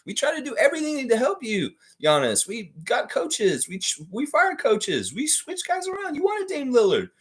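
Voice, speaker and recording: A man voicing an exasperated male team executive, pleading in a high falsetto. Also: wildly swooping pitch, normal speed, hardly any pauses, heavily acted.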